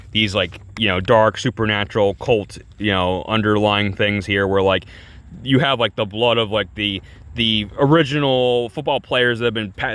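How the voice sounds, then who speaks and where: A man's voice: on the low side, fairly bright tone. A young adult man casually reviewing a movie, rambling with restarts, constant filler words and swearing.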